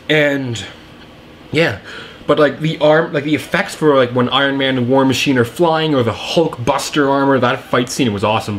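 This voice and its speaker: A man's voice: medium pitch, slight background noise. A young man giving a casual, rambling film review, enthusiastic and full of fillers and restarts. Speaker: movie reviewer.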